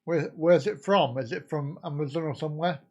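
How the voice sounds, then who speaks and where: A man's voice: on the high side, fairly quick, darkish tone. A man in his fifties from the UK, hosting a casual live stream and bantering crudely with his viewers. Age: 50s.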